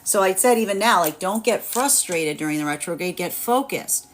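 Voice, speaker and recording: A woman's voice: on the low side, expressive, normal speed, a little hiss or hum. Rambling young woman tarot reader. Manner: rambling, many fillers, laughs often. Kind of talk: live tarot reading.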